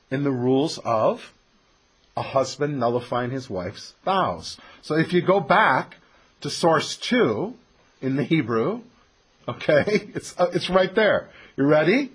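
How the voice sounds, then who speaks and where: A man's voice: a little high, breathy edge. A man teaching a text study class, explaining emphatically and putting questions to his students.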